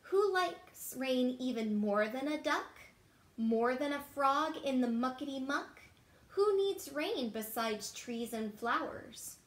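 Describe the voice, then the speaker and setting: A woman from Texas reading a picture book to children as a teacher, playful and animated, pausing for them to guess and dropping into hushed asides. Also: high-pitched. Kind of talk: children's read-aloud storytime. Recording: roomy echo.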